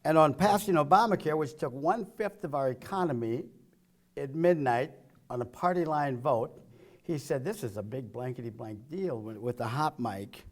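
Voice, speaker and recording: A man giving a political speech full of jokes and one-liners, chuckling at his own punchlines and swinging between loud quips and low, muttered asides. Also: normal speed. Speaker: political speaker. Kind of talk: joke-filled political speech.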